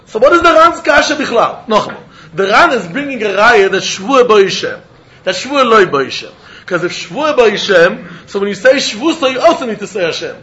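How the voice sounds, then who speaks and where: Very animated and a bit bright in tone, a man with a high voice teaches Talmud yeshiva-style at a moderate pace. He uses the singsong chant of study and switches between English and terms from Hebrew, Aramaic and Yiddish.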